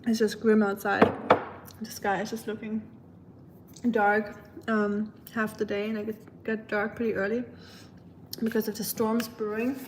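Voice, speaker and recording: A woman live streamer chatting casually with her viewers, rambling with lots of fillers and quick laughs. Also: mid-range voice, level tone, background noise. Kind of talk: casual chat reading viewer comments.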